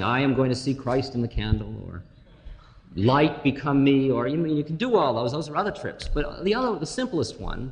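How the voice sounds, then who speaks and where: A man's voice: fairly high pitch, a little mellow, a little hiss or hum. Wry man talking in a reverberant hall. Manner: wry, laughing, musing, playful asides. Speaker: spiritual lecturer. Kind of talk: storytelling talk.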